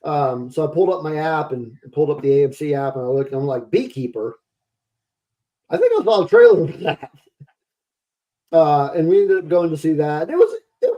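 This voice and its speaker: Rambling, lively-voiced podcast host man. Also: a little high, highs cut off. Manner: rambling and self-mocking, laughs often. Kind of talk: casual podcast chat.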